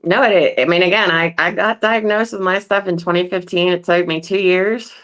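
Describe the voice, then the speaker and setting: A woman talking as a guest on a video call, speaking haltingly and often trailing off. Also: lowish voice, fairly even intonation, fairly bright tone. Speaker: guest sharing her story. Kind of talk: emotional video call discussion.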